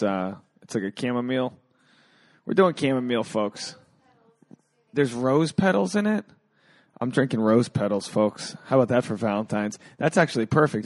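A man's voice: mid-range voice, a little mellow, no room sound. A man hosting a podcast, chatting casually in a rambling, jokey, self-mocking way. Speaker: podcast host. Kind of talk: casual chat.

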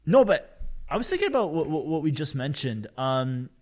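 A man's voice: on the high side, sing-song, moderate pace. A young man co-hosting a podcast in casual chat, rambling loosely with many fillers and restarts. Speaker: podcast co-host.

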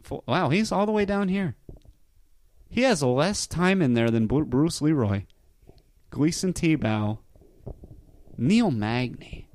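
A man's voice: on the high side, animated, slow, pauses often, darkish tone. Male podcast host, casual and rambling, enthusiastic, swears freely. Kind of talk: casual chat.

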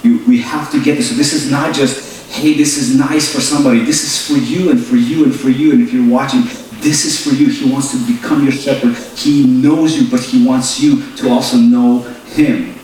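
A man's voice: medium pitch, fairly even intonation, moderate pace, hardly any pauses, darkish tone, a little hiss or hum. A man preaching as a pastor, emphatic and repeating his key phrases, reading scripture and praying. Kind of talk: sermon with scripture reading and prayer. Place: church sanctuary. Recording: echoey church hall from far off.

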